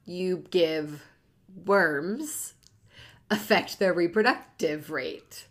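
Giggly woman, low-pitched chat. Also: fairly bright tone. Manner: giggly, quick to laugh. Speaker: podcast co-host. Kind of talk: casual chat.

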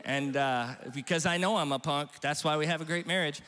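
A man's voice: fairly high pitch, a little fast, bright, forceful tone. A middle-aged male pastor preaching a humorous, conversational sermon, teasing himself and chatting with the congregation. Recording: long reverb of a large hall.

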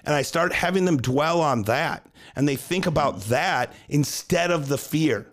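A man's voice: a little high, lively intonation, unhurried. A man who coaches gymnastics, explaining his method in casual talk, asking and answering his own questions and often adding "right?". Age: adult with a young daughter. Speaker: gymnastics coach, podcast co-host.

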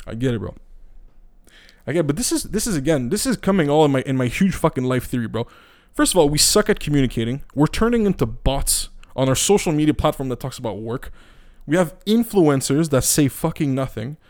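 A man's voice: fairly high pitch, lively intonation, fairly quick, darkish tone. Profane, rambling podcaster man. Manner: profane, blunt and rambling, with many restarts. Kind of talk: casual ranting monologue. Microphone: podcast microphone.

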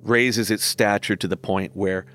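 A man's voice: lowish voice, fairly even intonation, a little slow, a bit bright, faint music behind. A man in his forties talking through his own songs in a reflective podcast monologue, candid and self-deprecating, with casual swearing. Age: 40s.

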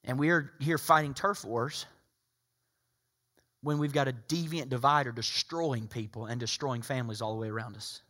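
A man from Tennessee, preaching a sermon as pastor. He swings from loud, emphatic preaching to hushed, intimate asides. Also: medium pitch, normal speed. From Tennessee, USA.

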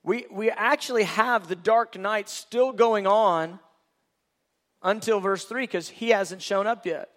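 A man delivers a sermon in a notably high voice. He speaks earnestly and plainly, like a pastor talking with his congregation. He often trips over and restarts his sentences. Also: measured pace, a bit bright. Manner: earnest, conversational preaching with restarts.

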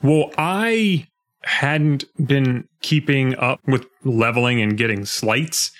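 A young man co-hosting a podcast, chatting casually about a video game and acting out lines with lively jumps in his voice. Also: mid-range voice, takes it slowly. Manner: animated, acts out game lines in a jumpy voice. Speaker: podcast co-host.

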